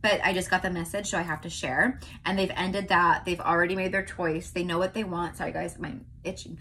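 A young woman from California giving a casual tarot reading to her viewers, chatty and often checking in with a quick "okay?". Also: lowish voice, fairly even intonation, sharp tone, a little hiss or hum. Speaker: tarot reader.

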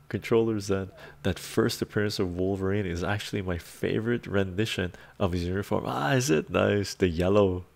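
A Canadian man hosts a casual live stream, soft-spoken and laid-back, reading chat, chuckling often and sometimes drifting into whispers. His voice is low with vocal fry.

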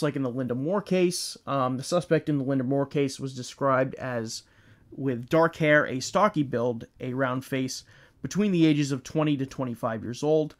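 A man hosting a true crime podcast, talking loosely with frequent ums and restarts. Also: mid-range voice. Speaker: podcast host.

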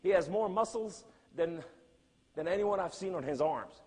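Brief: man preacher with a raspy, higher voice, dramatic loud-to-hushed delivery, non-native English, long church reverb. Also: expressive, moderate pace. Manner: emphatic, with big swings between loud cries and hushed lines. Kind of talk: sermon storytelling.

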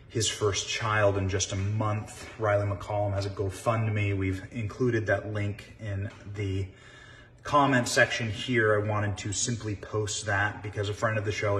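A man hosting a show, giving earnest, somber commentary. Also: lowish voice. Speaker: show host.

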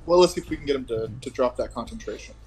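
A man playing an online tabletop game, chiming in with quick, chatty remarks. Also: mid-range voice, faint music behind, rough recording. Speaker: player. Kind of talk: casual tabletop game talk.

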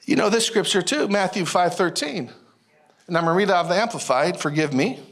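A male pastor preaching a sermon in an animated, folksy way, repeating phrases and calling out to the congregation. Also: high voice, a little fast. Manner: animated, repetitive, folksy preaching with audience call-outs.

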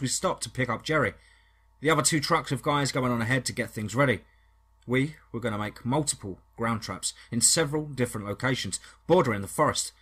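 Husky male horror narrator, mid-pitched, steady and dramatic. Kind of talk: first-person horror story narration.

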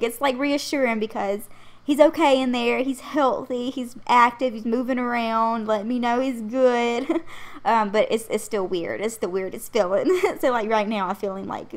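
Young woman, pregnant, somewhat high voice, casual rambling voice-over, frequent laughs. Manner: chatty and rambling, laughs often. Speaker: channel host. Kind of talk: casual voice-over chat over a game build.

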